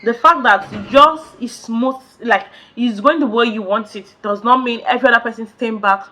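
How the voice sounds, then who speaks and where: A woman's voice: on the high side, moderate pace, sharp tone. A Nigerian woman vlogger talking straight to camera in a casual rant, emphatic and repeating her points, pleading with her listeners.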